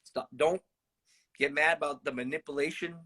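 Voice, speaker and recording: Bright, husky-voiced man casually ranting. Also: fairly high pitch, fairly even intonation, normal speed. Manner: loose, rambling, swears, keeps saying "guys". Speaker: stock trading educator, live stream host. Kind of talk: casual live stream talk to viewers.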